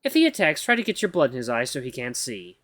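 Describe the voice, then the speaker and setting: A man voicing a calm, matter-of-fact AI companion that gives measured instructions. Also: medium pitch, no echo.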